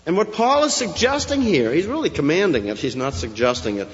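A middle-aged male pastor preaching an expository sermon, with emphatic rises and quick asides. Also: on the high side, sing-song. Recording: muffled, lo-fi sound in a reverberant hall.

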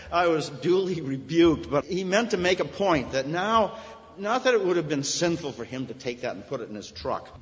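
A male pastor preaching an earnest, storytelling sermon in a church, rising to emphatic peaks. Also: a little high. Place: church sanctuary. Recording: echoey hall, dull sound.

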